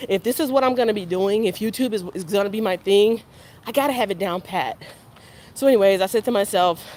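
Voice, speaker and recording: Out on a neighborhood walk, a woman vlogs casually to her camera in a mid-range, slightly mellow voice at a fairly quick clip. She rambles and repeats herself while openly picking at her own faults.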